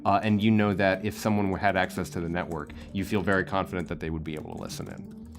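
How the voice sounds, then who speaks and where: A young man narrating as game master, halting with many fillers and restarts. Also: sits low, little pitch movement.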